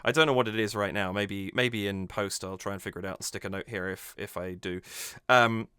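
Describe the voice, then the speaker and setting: A man's voice: fairly low pitch, steady tone, fairly quick, bright, forceful tone, clear, resonant tone, no echo, clean studio sound. A man hosting a music reaction channel, analysing a cover with enthusiasm and thinking aloud as he goes.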